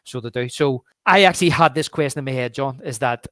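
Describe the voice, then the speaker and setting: A man co-hosting a movie podcast, walking through scenes with eager, rambling enthusiasm. His voice sits at an ordinary middle pitch. The sound is dry and close, with no room around it. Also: fast, fairly bright tone, no room sound. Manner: enthusiastic, quotes lines from the film. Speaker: podcast co-host. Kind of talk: casual movie review chat.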